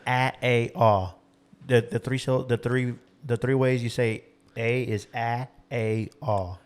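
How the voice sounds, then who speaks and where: A young man from Texas hosting a podcast, talking casually in a quick, emphatic, teasing way. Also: mid-range voice, flat delivery, smooth. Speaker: podcast host. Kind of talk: casual chat.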